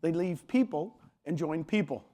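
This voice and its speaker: A man speaks from a conference stage in a high, bright register. His delivery is punchy and emphatic, and he jumps up in pitch whenever he quotes someone else. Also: normal speed. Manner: punchy and emphatic, often quoting others in a raised voice. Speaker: motivational speaker at a real estate conference. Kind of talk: energetic stage talk. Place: large conference hall.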